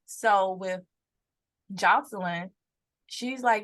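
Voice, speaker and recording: A woman's voice: medium pitch, normal speed. Young woman podcast co-host, chatty storyteller, mid-range voice. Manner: animated storytelling, acts out quotes. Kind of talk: casual chat.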